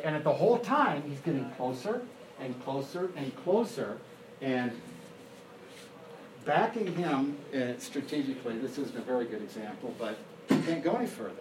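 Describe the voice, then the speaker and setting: A man's voice: mid-range voice, animated, moderate pace, slight background noise. Man, history teacher, casual rambling lecture, fillers, echoey classroom, faint ambience.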